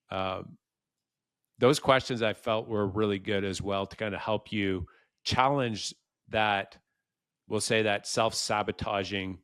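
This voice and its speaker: A man's voice: lowish voice, a bit bright, dry recording, studio quality. A man hosting a podcast interview, talking casually and animatedly, acting out quoted thoughts with laughter. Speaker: podcast host. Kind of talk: conversational interview.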